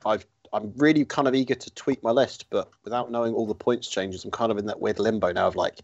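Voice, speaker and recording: A man's voice: lowish voice, fairly even intonation, quick pace, a little mellow, dull audio. A man co-hosting a casual live-streamed chat, trading wry, teasing banter. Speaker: co-host.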